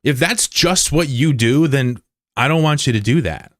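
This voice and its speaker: A man's voice: mid-range voice, animated, normal speed, fairly bright tone, dry recording, clean studio sound. A man livestreaming, talking casually to his chat and bluntly, heatedly scolding a viewer. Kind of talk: casual live-stream talk to chat.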